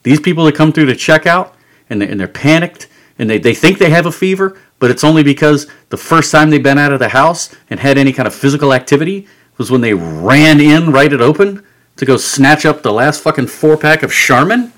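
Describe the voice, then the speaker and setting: A man's voice: a little high, animated, fairly quick, a bit bright. A man hosting a podcast, delivering an angry, sarcastic rant full of swearing. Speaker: podcast host. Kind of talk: profane comedic rant. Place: home studio.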